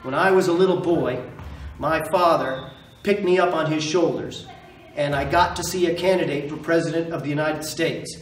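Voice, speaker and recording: A man's voice: a little high, steady tone, moderate pace, roomy sound, distant mic, low-quality recording. Impassioned man giving a stump speech. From Maine. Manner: impassioned, emphatic, repeats phrases for effect. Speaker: political candidate.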